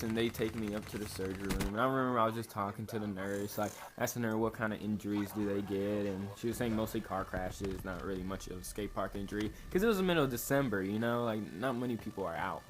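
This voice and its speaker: A man's voice: lowish voice, a little fast. A young man telling a story to his viewers in a rambling, profane, laid-back way. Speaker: vlogger. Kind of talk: casual storytelling to camera. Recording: noisy home recording.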